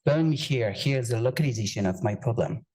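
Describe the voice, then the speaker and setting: A man's voice: medium pitch, lively intonation, brisk, darkish tone, close to an everyday voice, rough recording. A man with a French accent voicing a casual, chatty talking human heart with a blunt, teasing manner. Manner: laid-back, blunt, slightly teasing.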